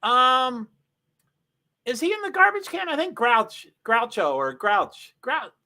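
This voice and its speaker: A man hosting a casual livestream, rambling through race positions with frequent throat clearing and self-interruptions. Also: very high voice, big pitch swings, takes it slowly, bright, forceful tone. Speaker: livestream host. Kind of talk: casual live race commentary.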